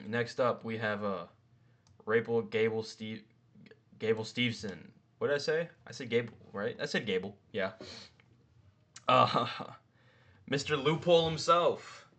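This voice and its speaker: A man giving casual, rambling commentary, swearing often and jumping up in pitch for emphasis. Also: fairly bright tone. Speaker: mma commentary host. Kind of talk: casual profane ranking commentary.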